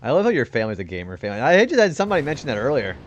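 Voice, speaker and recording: A man's voice: medium pitch, big pitch swings, racing, muffled recording. A young man doing laid-back commentary on a game live stream, chatting with viewers and laughing often.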